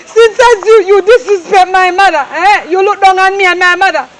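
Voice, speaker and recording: A woman acting as a young Jamaican housemaid who begs and sobs her way through, tagging her lines with a drawn-out "oh". Her voice sits very high. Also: a little hiss or hum, poor audio. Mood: resentful. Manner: pleading, tearful, ends phrases with "oh". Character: young maid, timid and pleading. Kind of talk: comedy skit acting.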